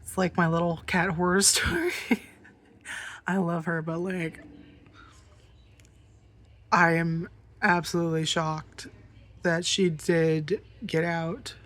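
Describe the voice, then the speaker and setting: Woman vlogger, casual storytime rant, slightly low voice, rambling, freely profane. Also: fairly even intonation, takes it slowly, pauses often, a bit bright. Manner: rambling, swears freely, lots of fillers.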